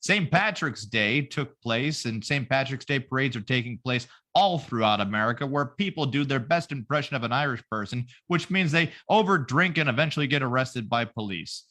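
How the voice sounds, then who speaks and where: A man's voice: mid-range voice, animated, normal speed, few pauses, sharp tone. A man co-hosting a podcast in casual comedic chat, joking and rambling with fillers. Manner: joking, does mocking voices, rambling with fillers. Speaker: podcast co-host.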